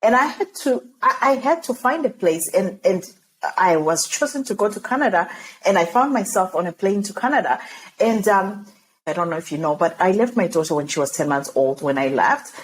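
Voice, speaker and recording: Woman from zimbabwe chatting on a podcast, animated, acts out the dialogue, slight hiss. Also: medium pitch, brisk, poor audio. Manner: lively, laughs often, acts out dialogue. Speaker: podcast guest. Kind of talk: personal storytelling in conversation.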